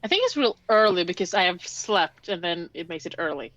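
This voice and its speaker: A woman's voice: lowish voice, sing-song, a little fast, fairly bright tone, no room sound. Woman player, mid voice, dry dull lo-fi sound. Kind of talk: tabletop role-play chat.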